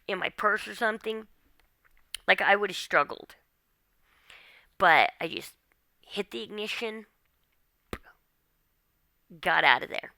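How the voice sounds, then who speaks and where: A woman's voice: fairly low pitch, creaky, sharp tone, no echo. A woman vlogger recounting a frightening personal story in a tense, casual monologue, with lots of fillers like "like" and "okay?". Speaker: vlogger telling her own story.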